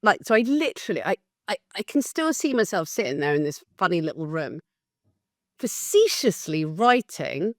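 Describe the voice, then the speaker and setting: A woman in her fifties recounts her own story on a podcast, candid and animated, leaning hard on key words. Her voice sits low, and the recording is dry and close. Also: moderate pace, no room sound. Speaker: guest, facilitation business founder. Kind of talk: podcast interview, personal storytelling.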